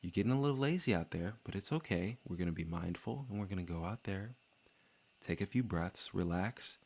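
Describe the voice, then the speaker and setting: A man putting on a calm, mindful fight coach who speaks in a hushed, soothing way. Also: low voice, brisk.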